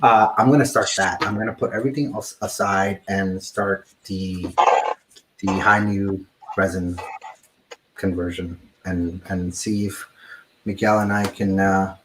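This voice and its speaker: A man's voice: deep voice, steady tone, a little slow, background noise. A man hosting a casual model-building stream, chatting and telling stories with lots of fillers. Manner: rambling storyteller, frequent fillers. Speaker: stream host. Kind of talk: casual chat.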